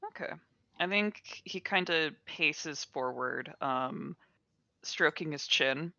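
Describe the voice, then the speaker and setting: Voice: mid-range voice, slow pace, gravelly, bright, forceful tone, dry recording, muffled recording. A player in a tabletop game, thinking aloud hesitantly about what to do. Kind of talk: casual tabletop play.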